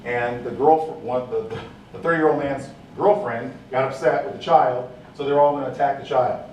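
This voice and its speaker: A man speaks at a conference in a storytelling style, animated and quick to act out the people in his tale. His voice sits at an ordinary pitch and carries the echo of a reverberant hall, picked up from a distance. Faint room ambience hangs behind him. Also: slight background noise. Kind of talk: storytelling talk with acted quotes.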